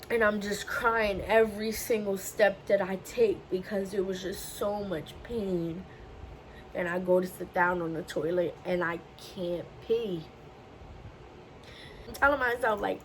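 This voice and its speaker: A woman's voice: medium pitch, fairly even intonation, a little slow, long pauses, slight background noise, rough recording. A young woman vlogger telling a personal story in a candid, casual way, slipping into the voices of the people she quotes. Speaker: beauty vlogger.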